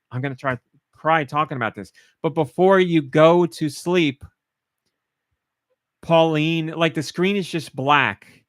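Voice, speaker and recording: A man's voice: medium pitch, a bit bright, dry recording, studio quality. Tearful, gushing man on a podcast. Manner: emotional, gushing, laughs while choking up. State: choked up, tearful. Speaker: podcast host. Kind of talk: casual chat.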